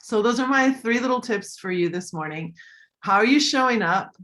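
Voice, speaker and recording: A woman coach giving tips in a live online talk, animated, acting out voices as she demonstrates them. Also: fairly high pitch, normal speed. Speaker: voice and communication coach.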